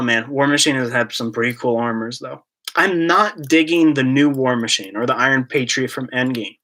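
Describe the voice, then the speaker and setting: A man's voice: mid-range voice, bright, forceful tone. Man, livestream host, casual chat, rambling, joking. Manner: rambling, jokey, reads chat aloud. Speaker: YouTube collector channel host. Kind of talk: casual live-stream Q&A chat.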